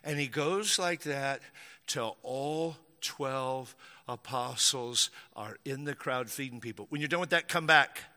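A man preaching a sermon, telling the story with lively acted-out quotes and jokes to the crowd. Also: medium pitch, measured pace. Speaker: pastor. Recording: long hall reverb.

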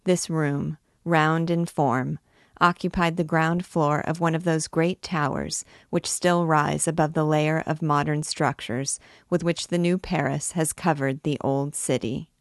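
A woman hosting a read-along, reading a classic novel in a measured, steady way. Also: low voice, dry recording, clean studio sound. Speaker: reader, host. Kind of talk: audiobook reading.

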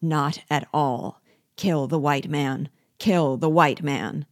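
A woman's voice: deep voice, steady tone, moderate pace. A woman voicing a furious mob of soldiers. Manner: loud, shouting, furious. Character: angry crowd of rebel soldiers.

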